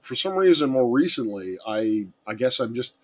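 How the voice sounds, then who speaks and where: Male guest in casual stream chat, hesitant and halting, mid-pitched. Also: sing-song. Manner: hesitant, lots of fillers and restarts.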